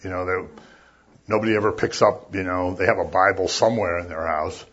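Husky-voiced pastor preaching casually. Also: male voice, deep voice, steady tone, a little fast, highs cut off. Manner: conversational, with jokey asides and sudden loud emphasis. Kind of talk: sermon.

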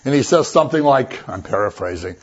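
A man's voice: medium pitch, lively intonation, a little fast, breathy edge. A man preaching a sermon as a pastor, conversational and joking as he retells the story. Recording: dull lo-fi recording.

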